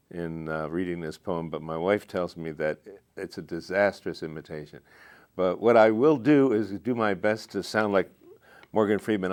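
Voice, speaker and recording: An older American poet reading his poems aloud and reflecting on them between readings, in a slow, measured way with thoughtful pauses. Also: low-pitched. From United States. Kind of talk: poetry reading and reflective talk. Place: TV studio.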